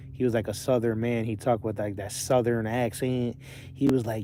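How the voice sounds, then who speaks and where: A man's voice: medium pitch, level tone, brisk, dark tone, slight background noise. Rambling trucker man chatting on a livestream. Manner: rambling, chatty, self-correcting. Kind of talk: casual livestream chat reading viewer comments. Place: inside a parked truck cab.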